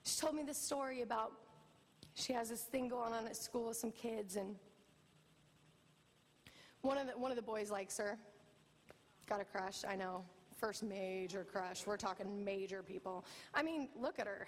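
A high-pitched, middle-aged woman preaching a sermon from the pulpit, telling stories in a lively way. Her voice rings out with a long hall reverb, and faint room noise sits underneath. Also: moderate pace, pauses often. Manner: storytelling, animated, acts out quoted voices. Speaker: pastor. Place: church.

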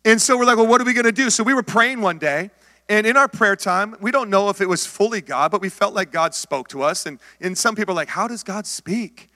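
Speaking a little fast in a high-pitched voice, a middle-aged pastor tells his own story from the pulpit of a church sanctuary. He brings his past words to life through lively acting and calls out to the congregation, all under a long hall reverb.

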